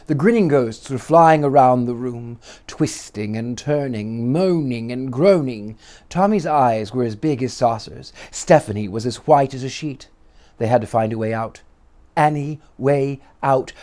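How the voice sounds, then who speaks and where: A man reading a children's story aloud with dramatic, lively delivery. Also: mid-range voice.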